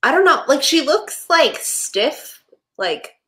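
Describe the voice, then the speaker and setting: A young woman co-hosting a casual rewatch podcast, animated and exasperated, saying "like" constantly. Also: sits high, slow. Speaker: podcast co-host.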